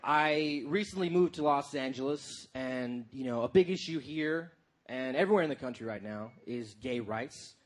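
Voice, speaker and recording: A man in his thirties doing a stand-up comedy set, telling stories in an animated way and jumping into loud shouted voices. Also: medium pitch, moderate pace. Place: live comedy stage before a crowd. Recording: live crowd noise in the background. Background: audience laughter and crowd noise.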